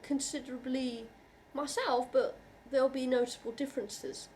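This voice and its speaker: A woman vlogger with a fairly high voice speaks straight to her viewers in a heartfelt, reassuring way. She halts and restarts often as she works through her thoughts. Faint room ambience sits behind her. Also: fairly even intonation, a little mellow, slight background noise. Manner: earnest and reassuring, halting with frequent restarts; heartfelt, openly emotional. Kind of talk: personal talk to camera.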